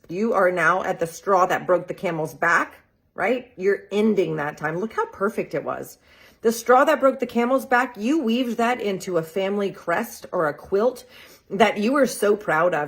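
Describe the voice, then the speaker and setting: This woman, a tarot reader, delivers a casual and enthusiastic reading for a real estate group's social video, laughing a lot and leaning on "like" and "right?". Her voice is lowish with a breathy edge.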